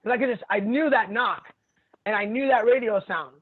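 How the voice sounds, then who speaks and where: A man's voice: high voice, normal speed. A man who teaches jiu-jitsu, chatting as a podcast guest and telling stories in a blunt, profane way, laughing often. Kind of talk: casual storytelling chat. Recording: tinny phone-like sound.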